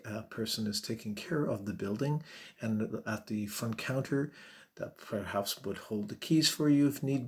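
Male podcast host, mid-pitched, friendly and unhurried explainer.

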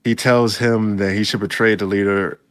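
A man's voice: lowish voice, little pitch movement, moderate pace. A man casually recapping a story for his viewers, chatty and laid-back, breaking in with reactions. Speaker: video host recapping a story.

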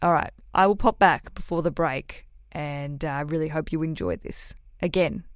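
A woman's voice: deep voice, normal speed, no room sound. Aussie woman chatting on her podcast, swears a lot, jokes at herself, dry close sound. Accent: Australian. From Australia. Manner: chatty, swears, self-mocking. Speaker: podcast host. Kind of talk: casual podcast chat.

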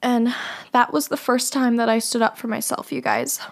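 A woman's voice: on the high side, sing-song, normal speed. A young adult woman hosting a solo podcast, talking candidly and emotionally to her listeners, with many fillers and direct asides. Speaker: podcast host. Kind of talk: confessional solo podcast monologue.

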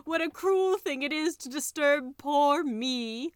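A woman voicing a talking tiger skin that wails slowly and mournfully, high and strange. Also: no room sound, clean studio sound. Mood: wailing. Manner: slow mournful wailing.

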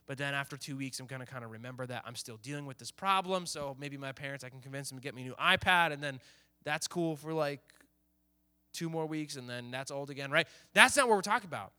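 Man, youth pastor, casual sermon, fairly high voice, crisp and bright tone, chatty delivery. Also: fast. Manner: conversational, plays out teens' inner voices.

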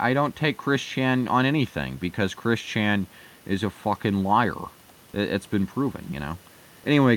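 A man delivers a heated, profanity-laced commentary rant in a somewhat low voice. He talks with frequent fillers and stumbling restarts. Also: fairly bright tone. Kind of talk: ranting commentary.

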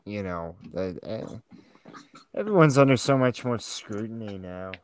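A man's voice: fairly low pitch, expressive, measured pace, slight background noise. A young man co-hosting a casual chat with friends, joking, swearing freely and laughing often. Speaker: podcast co-host.

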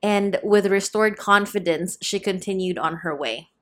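A woman narrates a novel at a steady, measured pace, with a middle-pitched voice. Her delivery is calm scripted storytelling. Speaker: audiobook narrator.

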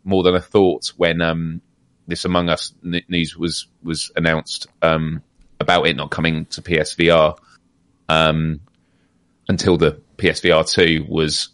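A man's voice: extremely low pitch, flat delivery, moderate pace, fairly bright tone, no echo. Man musing on a gaming podcast. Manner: thoughtful, hesitant, self-deprecating. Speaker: podcast co-host. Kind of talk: casual gaming podcast chat.

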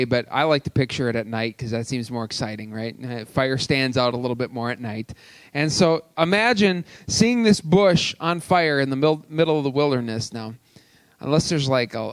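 A man's voice: a little high, dry recording. A man preaching a sermon as pastor, reading scripture and adding casual, joking asides. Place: church sanctuary.

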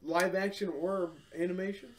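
A man co-hosting a podcast in casual chat, quick to laugh and answering briefly. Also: sits high, little pitch movement, slight background noise. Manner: laughs a lot, short replies. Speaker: podcast co-host.

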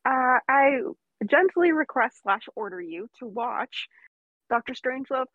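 A woman's voice: sits high, lively intonation, unhurried, no echo, phone-quality sound. A woman in a casual chat, emphatic and playfully bossy.

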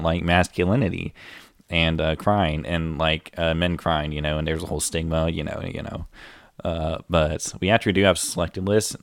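Young male comedy podcast host with a low, gravelly voice, rambling and teasing, dry close sound. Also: dry recording. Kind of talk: casual comedy podcast chat.

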